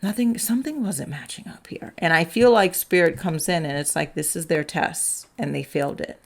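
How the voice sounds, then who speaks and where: Low-voiced chatty woman tarot reader. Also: vocal fry. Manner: chatty, fills speech with "like" and "right?"; drops into quick acted-out quotes. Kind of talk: casual tarot reading to camera.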